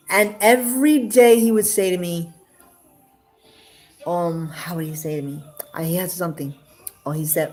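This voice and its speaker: A woman's voice: fairly low pitch, a little slow, darkish tone. A woman from Queens, New York, telling her love story in a casual, rambling way, full of fillers and restarts and close to tears at times. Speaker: interviewee sharing her love life.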